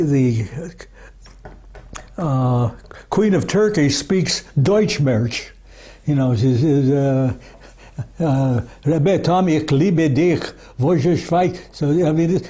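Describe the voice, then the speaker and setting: Rambling archivist man with a mellow voice. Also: on the high side. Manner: rambling, with many restarts and asides of "you see" and "you know". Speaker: archivist being interviewed. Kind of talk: casual interview talk.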